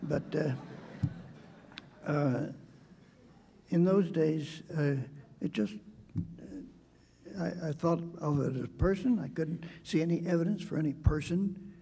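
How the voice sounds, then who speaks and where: This older man speaks in a gravelly, husky voice that sits a little high for a man. His tone is mellow and soft-edged. He recalls his boyhood slowly at a debate, pausing often and restarting his sentences as he goes. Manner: halting, with frequent hesitations and restarts. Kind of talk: reflective storytelling in a debate speech.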